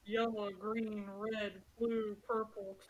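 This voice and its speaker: A woman's voice: medium pitch, little pitch movement, slow, muffled recording. A woman running a tabletop game as game master, narrating the scene in a chatty way and laughing now and then. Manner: chatty, laughs through descriptions.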